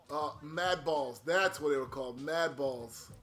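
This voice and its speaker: A man's voice: on the high side, a bit bright. A man in casual chat with a friend, laid-back and slangy, laughing often.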